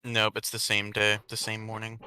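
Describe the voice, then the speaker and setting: A sardonic man reads a fan story aloud on a podcast, swearing freely between passages. His voice is low and flat, bright and clear, in a dry room. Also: moderate pace. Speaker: podcast host and reader. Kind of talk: casual reading with commentary.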